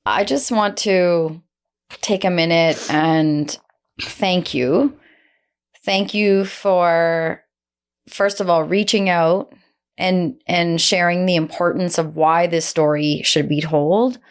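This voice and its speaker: A woman hosts a podcast conversation in a slightly low voice, gentle and empathetic as she asks her questions. She sounds deeply moved by what she hears, close to tears. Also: fairly even intonation, slow, smooth. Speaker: podcast host. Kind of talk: interview conversation.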